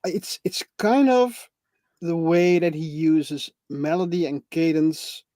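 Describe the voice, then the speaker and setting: A man's voice: on the high side, slow, dark tone, dry recording. A man co-hosting a casual live chat, easygoing, chuckling and agreeing a lot. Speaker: co-host.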